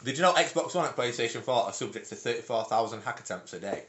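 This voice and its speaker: A man hosts a casual podcast, rattling along at a brisk clip as he steers the chat into news items. The sound is roomy and a bit muffled, with faint noise underneath. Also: mid-range voice, lively intonation. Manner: leads segues into news items, chatty. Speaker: podcast host. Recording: roomy, dull lo-fi recording.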